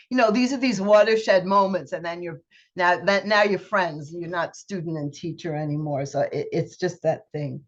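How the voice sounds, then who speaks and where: A woman poet reading her poems aloud on a video call, in a measured, unhurried way. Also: fairly low pitch. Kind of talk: poetry reading. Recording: muffled video call audio.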